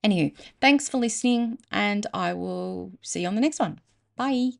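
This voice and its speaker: A woman's voice: medium pitch, normal speed, vocal fry. An Australian woman hosting a reading channel, chatting casually and thinking aloud in a self-mocking way. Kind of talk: casual chat to camera.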